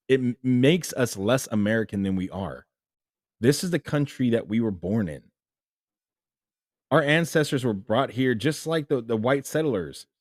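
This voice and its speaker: A young man hosting a solo opinion commentary, talking animatedly and jumping to emphatic highs as he acts out imagined people. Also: a little mellow, dry recording, clean studio sound. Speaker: host.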